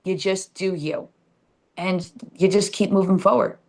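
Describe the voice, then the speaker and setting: A woman's voice: mid-range voice, steady tone, unhurried. A woman, a podcast guest telling her story candidly and bluntly, with sarcasm and casual swearing.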